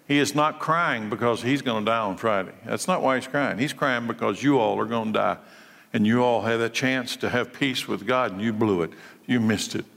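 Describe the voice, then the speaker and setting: Man preaching in a reverberant hall. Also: gravelly. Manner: impassioned preaching, surges high and loud then drops low and quiet. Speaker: pastor. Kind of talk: sermon.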